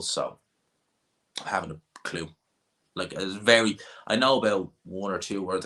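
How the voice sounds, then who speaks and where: A young Irishman hosting a boxing channel has a low, pushed and bright voice. He rambles casually on stream, answering chat questions and repeating himself.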